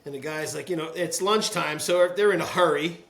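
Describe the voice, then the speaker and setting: A man's voice: on the high side, normal speed, vocal fry, a bit bright, roomy sound. A man hosting a casual chat, laughing often while he tells stories. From Long Island, New York. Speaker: podcast host.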